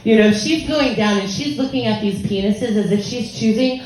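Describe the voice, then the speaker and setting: A woman's voice: fairly high pitch, moderate pace, a little mellow. An American woman in her thirties performing a bawdy, conversational stand-up set on a comedy club stage, acting out the people in her stories. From United States. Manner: bawdy, conversational, acts out quoted voices. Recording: echoey club room with crowd laughter. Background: audience laughter.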